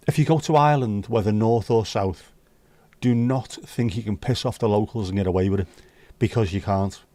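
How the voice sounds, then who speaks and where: A man's voice: lowish voice, moderate pace, darkish tone, no echo. A man from the United Kingdom hosting a casual livestream chat, talking bluntly and swearing freely. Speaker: livestream host.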